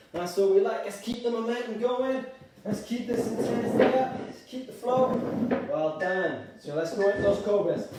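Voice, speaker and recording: A man leading a live gentle exercise class, upbeat and encouraging, calling out participants by name and a little out of breath. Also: sits high, far from the mic, a little hiss or hum. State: slightly out of breath. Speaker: exercise instructor. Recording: echoey room, voice away from the mic.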